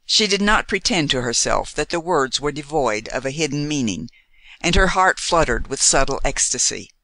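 Audiobook narrator, expressive, bright tone, lively pitch, dry close recording. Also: no echo. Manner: expressive, measured storytelling. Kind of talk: scripted narration of a novel.

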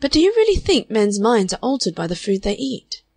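A woman's voice: a little high, sing-song, fairly quick, dark tone, no room sound, clean studio sound. A woman reading an audiobook, voicing a frank, curious young woman who asks probing questions thoughtfully. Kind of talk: audiobook character voice.

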